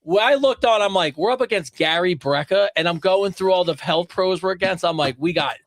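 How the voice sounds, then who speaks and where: A man's voice: sits high, a little fast, no room sound. A man co-hosting a podcast, talking in enthusiastic, casual chat. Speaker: podcast co-host.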